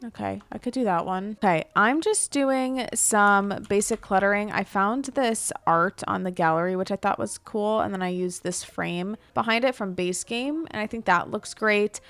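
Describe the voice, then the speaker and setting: A woman's voice: mid-range voice, gravelly, a bit bright, dry recording. Chatty young woman thinking aloud. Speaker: Sims building creator. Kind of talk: casual gameplay commentary.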